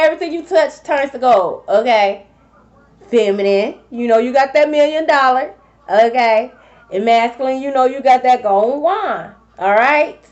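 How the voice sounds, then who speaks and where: Speaking directly to her viewers, a woman with a high voice does a casual tarot reading in a blunt, animated style with plenty of profanity. The sound quality is lo-fi and a little dull.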